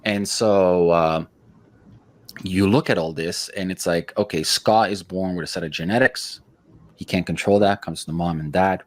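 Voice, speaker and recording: A man with a deep, low voice hosting a casual podcast chat. He talks bluntly and swears freely, with restless, hyperactive energy. The sound is dry and close, with no room echo. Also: steady tone, normal speed. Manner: blunt, profane, high-energy storytelling; self-described hyperactive. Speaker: podcast host.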